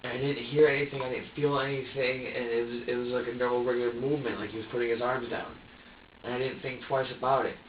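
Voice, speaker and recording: A man being questioned in a police interview room, speaking in halting bursts, stumbling over his own restarts, emotional and strained. The recording is dull and lo-fi, with his voice sitting far from the mic in a roomy, echoing space. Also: mid-range voice, level tone, slight background noise. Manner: halting and repetitive, restarting sentences, quoting himself.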